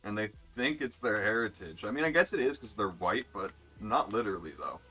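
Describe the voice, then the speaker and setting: A man's voice: lowish voice, lively intonation, fairly quick, bright, forceful tone, breathy edge, faint music behind. A young man live-streaming a racing game, chatting bluntly and sarcastically with viewers and swearing freely. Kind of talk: casual live-stream chat while gaming.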